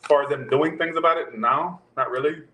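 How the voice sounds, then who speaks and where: A tarot reader with a slightly high, sharp voice talks a little fast. His reading is casual, addressed straight to viewers in a loose style, and captured in an echoey room with a faint hum underneath.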